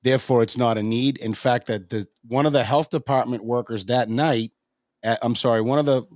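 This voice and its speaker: A man co-hosting a political talk show, answering a question in a measured, digressive way with many fillers. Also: medium pitch, steady tone, darkish tone, no room sound, studio quality. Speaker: co-host of a local politics livestream. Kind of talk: casual political chat. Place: radio studio.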